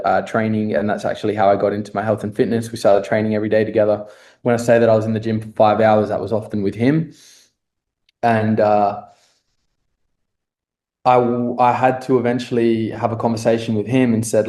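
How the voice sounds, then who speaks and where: Brief: male fitness coach guest, low mellow voice, earnest, reflective, lots of ums. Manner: reflective and earnest, many fillers. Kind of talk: podcast interview storytelling.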